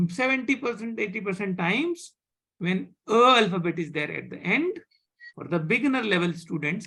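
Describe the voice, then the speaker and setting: A French teacher runs a live beginner class over a video call. The voice is a little husky and the delivery slow, with pitch that rises and falls a lot. The teacher patiently repeats points and keeps asking whether the students follow. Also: fairly bright tone. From India. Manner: patient, repeats and checks understanding.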